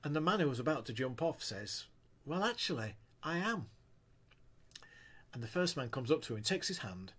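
Lively, slightly husky male preacher. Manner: storytelling, acting out quoted lines with rising pitch. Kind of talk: sermon. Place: church.

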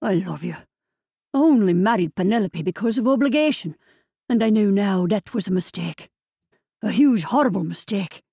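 A woman's voice: mid-range voice, lively intonation, normal speed, creaky, warm tone, husky, no room sound, clean studio sound. Woman doing a pleading Scottish man.

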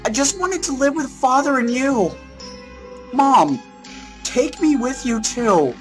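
A man's voice: very high voice, lively intonation, takes it slowly, faint music behind, voice pushed up, full character voice. A man voicing a little girl who begs her parents not to leave her, reading the lines in a raised, pleading voice.

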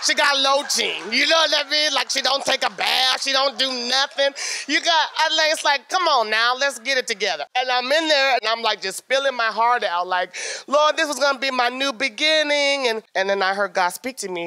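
A woman's voice: high voice, expressive, sharp tone. A woman telling her personal faith story in a candid, emotional way, acting out what she said and prayed back then. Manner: emotional, acts out her own past words, quick bursts. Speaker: guest, sister-in-law. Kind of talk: personal testimony.

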